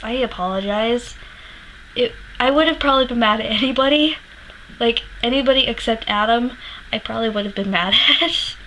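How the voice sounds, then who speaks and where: Young woman, slightly high voice, a candid vlogger who rambles and swears. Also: fairly bright tone, a little hiss or hum, low-quality recording. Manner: candid, rambling, swears freely, laughs often. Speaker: music vlogger. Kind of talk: casual storytelling vlog.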